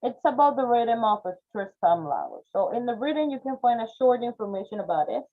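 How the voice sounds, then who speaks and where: A woman's voice: fairly high pitch, expressive, brisk. A woman teaching a phonetics class online, explaining step by step and checking in with "okay?", with Spanish as her first language. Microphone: video call. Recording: tinny phone-like video call audio.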